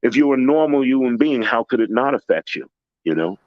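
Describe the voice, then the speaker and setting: A man telling blunt, animated stories in casual talk and acting out the people he quotes. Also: medium pitch, a little fast, no echo. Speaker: storyteller host. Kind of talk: casual storytelling. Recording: dry, dull lo-fi recording.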